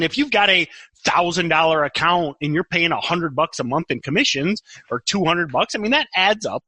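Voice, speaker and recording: Older guy on a podcast, bright lively voice, jokey, dry close sound. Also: high-pitched, dry recording, poor audio. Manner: animated, teasing, joking. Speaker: podcast co-host. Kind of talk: casual chat.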